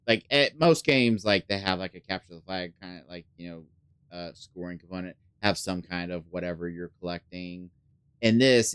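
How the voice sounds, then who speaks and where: Low, smooth-voiced man rambling through a game. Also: dry recording. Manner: rambling, filler-heavy, casual swearing; drops to a mutter when thinking aloud. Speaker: gaming channel host. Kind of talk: casual let's play commentary.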